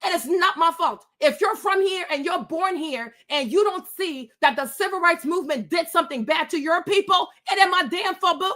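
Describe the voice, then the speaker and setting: A woman with a very high voice rants into her webcam, firing off rhetorical questions again and again. She swears freely and sounds indignant. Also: moderate pace, few pauses, fairly bright tone. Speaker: livestream host. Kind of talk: heated livestream rant.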